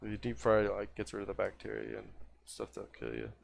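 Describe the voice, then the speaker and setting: Creaky-voiced man rambling on stream. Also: lowish voice, very animated, fast talker, a little hiss or hum. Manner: rambling, scattered, trails off mid-thought. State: high after smoking. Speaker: game streamer. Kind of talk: casual rambling stream chat.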